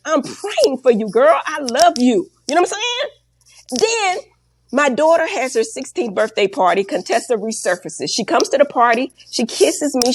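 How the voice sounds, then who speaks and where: A woman's voice: sits high, a little hiss or hum. A woman in her forties telling a story bluntly and animatedly in an interview, with slang and profanity, emotional and close to tears. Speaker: guest. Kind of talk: candid interview talk.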